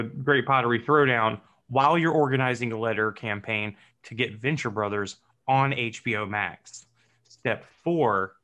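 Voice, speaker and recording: A man's voice: medium pitch, bright, forceful tone. A man in an easygoing podcast conversation, full of joking asides. He rambles a bit and riffs freely on whatever comes up. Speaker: podcast co-host. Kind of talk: casual chat.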